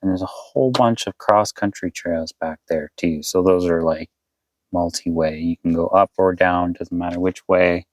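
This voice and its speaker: Low-voiced man rambling in a casual vlog. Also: fairly even intonation, normal speed, dry recording, poor audio. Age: adult, past eighteen. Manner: rambling, thinks aloud, addresses viewers as guys. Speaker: vanlife vlogger. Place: inside his camper van.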